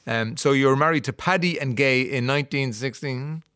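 A man's voice: mid-range voice, brisk, a bit bright, clean tone, no echo, studio quality. A man hosting a radio interview, easygoing and laughing along, stumbling a little into his questions. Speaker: radio host.

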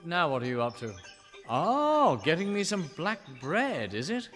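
An actor playing a polite, bemused young English gentleman traveler, talking to himself in a genteel, chatty way with an English accent. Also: a little high, very animated, unhurried, big-room sound, soft background music. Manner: genteel, chatty inner monologue. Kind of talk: radio drama acting.

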